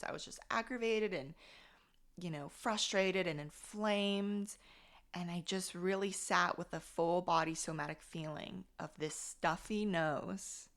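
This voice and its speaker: A woman's voice: lowish voice, measured pace, a bit bright. A young adult woman hosting her own podcast, telling a personal story in a candid, casual way and swearing freely. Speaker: podcast host. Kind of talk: casual solo reflection.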